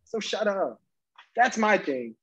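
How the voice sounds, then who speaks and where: A man's voice: sits high, big pitch swings, slow, fairly bright tone, breathy edge, low-quality recording. A man co-hosting a podcast, ranting heatedly and profanely in casual chat. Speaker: podcast co-host.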